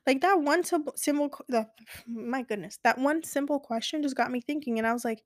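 A woman's voice: high-pitched, a little fast, dry recording, clean studio sound. A young woman telling a story in a casual vlog, chatty and rambling with lots of fillers and restarts, gushing with enthusiasm.

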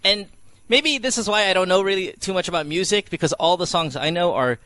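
A man's voice: sits high, fairly quick, bright, forceful tone, no room sound. A middle-aged man hosting a morning radio show, joking and teasing his co-host and mixing in Tagalog words.

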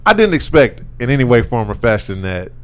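A man co-hosting a casual podcast chat, retelling scenes in an animated, slangy way with lots of laughter. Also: mid-range voice, brisk, clean tone. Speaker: podcast co-host.

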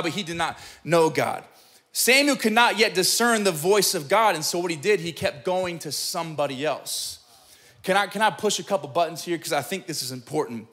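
A male pastor preaches in a high, bright voice, emphatic and conversational. He often checks in with the listeners as he explains scripture, and his delivery keeps a forceful edge. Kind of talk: sermon.

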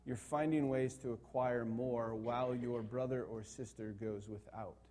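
A man's voice: mid-range voice, steady tone, measured pace, dark tone. Earnest man preaching a sermon. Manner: earnest, builds to emphatic repetition. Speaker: pastor.

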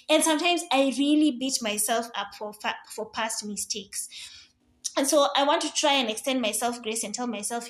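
A young woman, chatting casually on a solo podcast. She talks in an animated way, slips in Swahili words and acts out little voices. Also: on the high side, moderate pace. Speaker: podcast host.

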